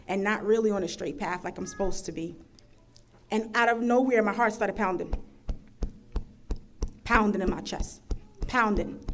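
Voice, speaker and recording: A woman in her thirties from the United States giving an earnest, emphatic personal testimony as a panel speaker. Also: medium pitch. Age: 30s. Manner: earnest, emphatic, building to passionate intensity.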